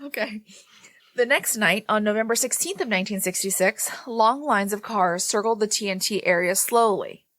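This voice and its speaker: A woman's voice: medium pitch, moderate pace, a bit bright, no room sound. A woman podcast co-host reading a paranormal story aloud, breaking off now and then to laugh and joke with her co-host.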